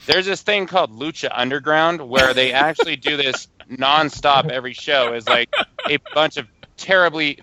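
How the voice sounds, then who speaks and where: A man's voice: medium pitch, pushed and bright, no room sound. A man co-hosting a casual wrestling podcast, dry and dismissive as he talks. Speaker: podcast co-host. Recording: dry dull lo-fi audio.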